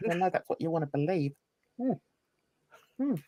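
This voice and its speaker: A woman's voice: lowish voice, lively intonation, moderate pace, warm tone, no echo. A woman hosting a casual chat, mocking and laughing as she reacts to clips. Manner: mocking, laughing, sarcastic asides. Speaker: host.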